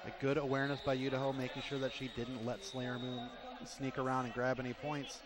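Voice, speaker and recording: A man's voice: medium pitch, a little fast. A man announcing a roller derby bout play by play, running energetically through rosters and action. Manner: energetic, rattles off names and numbers. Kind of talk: live sports commentary. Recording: crowd noise throughout. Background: crowd noise.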